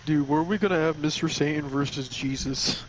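A man's voice: a little high, brisk. A man chatting casually with friends, rambling and joking. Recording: noisy amateur recording.

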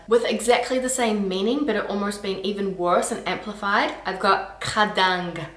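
A woman hosting a casual explainer video, playful and quick to laugh and groan in disgust. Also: mid-range voice, fairly bright tone, recorded from a distance. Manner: playful, laughs often, groans at gross words. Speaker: language video host. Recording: roomy echo, a little off-mic.

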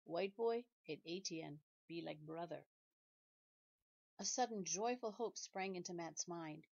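A woman teacher reading a children's novel aloud in a steady, measured and clear way. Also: mid-range voice. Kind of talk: audiobook narration for children. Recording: dull lo-fi recording.

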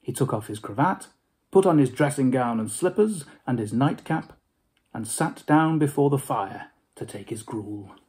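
A man giving a dramatic storybook reading, expressive and dropping to hushed whispers for suspense. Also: medium pitch, moderate pace, slightly rough.

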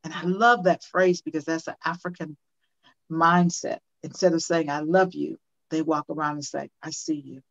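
A woman's voice: low-pitched, fairly even intonation, normal speed. An older woman speaking as a guest in an interview, earnest and emphatic, often repeating questions for effect. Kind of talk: conversational interview. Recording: dull lo-fi audio.

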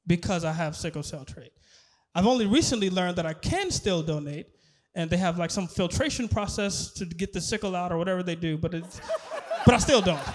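A man with a very high-pitched voice does stand-up, telling animated stories and acting out the dialogue. He repeatedly laughs at his own punchlines.

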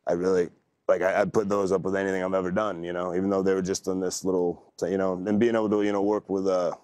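A deep-voiced man in his thirties who drifts through his stories with a relaxed, rambling ease. The sound is dry and close, with no room around it. He talks like a guest in a casual sit-down interview. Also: quick pace, smooth, no echo. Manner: laid-back, rambling storytelling. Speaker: wrestler guest.

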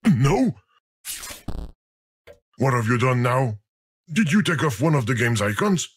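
A man's voice: medium pitch, sing-song, measured pace, slightly rough. A man voicing a talking video game that frets over and scolds the player in a theatrical way. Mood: flustered.

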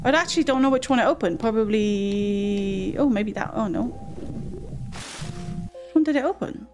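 A woman's voice: medium pitch, lively intonation, normal speed. A woman giving chatty let's play commentary, easily flustered and talking to herself and the game. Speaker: gaming host. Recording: game music under voice. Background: game music.

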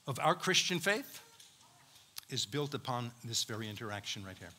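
A man's voice: medium pitch, big pitch swings, normal speed, pushed and bright, slight background noise. A man preaching a sermon as pastor, emphatic, acting out quoted speech and calling out to the congregation.

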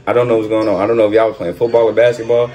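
A man doing excited reaction commentary over a basketball video, repeating himself and talking in slang. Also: lowish voice, racing. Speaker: reaction streamer.

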